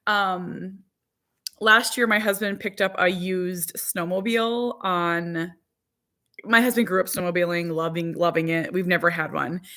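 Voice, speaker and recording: Casual mom vlogger, thirties, rambling and talkative into a phone at home. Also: female voice, fairly low pitch, sharp tone. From Minnesota. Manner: chatty, rambling, talks to viewers and dog. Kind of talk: casual livestream chat. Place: home in winter.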